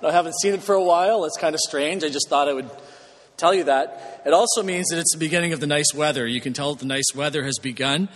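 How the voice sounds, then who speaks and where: A man preaching a sermon as pastor, earnest with dry humorous asides, slowing down and lifting his voice to stress key words. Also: a little high. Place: church sanctuary. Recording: long church hall reverb.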